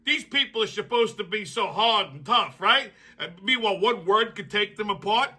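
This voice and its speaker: Blunt, heated man with a bright voice. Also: sits high, animated, moderate pace. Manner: blunt, heated, swears constantly. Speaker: show host. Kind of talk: profane political commentary rant.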